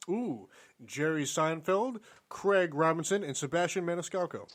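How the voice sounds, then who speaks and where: A man co-hosting a live radio stream, answering quiz questions in a low-key way. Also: moderate pace. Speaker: co-host.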